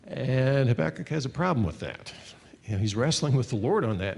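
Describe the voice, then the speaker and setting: A man's voice: mid-range voice, expressive, normal speed, creaky, darkish tone, big-room sound. A man teaching a sermon as a pastor, earnest and conversational, reading passages of scripture aloud.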